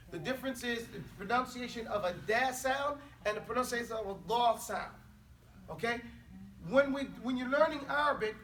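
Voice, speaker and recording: A man's voice: very high-pitched, a bit bright. A man teaching an Arabic class, drilling pronunciation and correcting students bluntly and emphatically. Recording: echoey classroom, mic far off.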